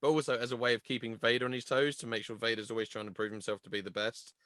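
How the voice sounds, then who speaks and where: A man co-hosting a casual fan chat, with a mid-range voice and a fast, running delivery. He cuts in to check and explain facts, with a few "you know"s along the way. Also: medium pitch, little pitch movement, noisy background. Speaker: podcast co-host.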